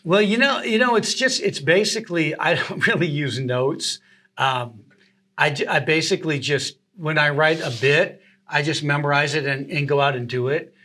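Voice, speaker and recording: A man's voice: a little high, normal speed. A man, an impressionist and radio host, animatedly telling show-business anecdotes in a casual interview. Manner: animated, laughs through stories.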